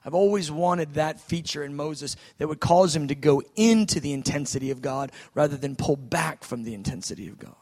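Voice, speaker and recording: High-voiced dramatic male preacher. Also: expressive, brisk, hardly any pauses. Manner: dramatic, swings from shouting to hushed. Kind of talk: sermon.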